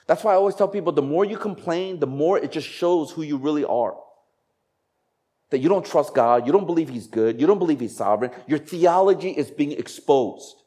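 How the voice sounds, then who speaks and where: A man's voice: a little high, lively intonation, fairly quick, mellow. A man preaching a sermon in a conversational style, asking the congregation rhetorical questions. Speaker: pastor.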